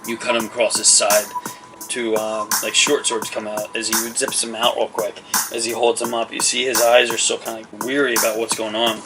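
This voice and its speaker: A man's voice: mid-range voice, level tone, moderate pace, poor audio. A man narrating a tabletop game as game master, rambling with lots of fillers as he describes the action. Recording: loud background music.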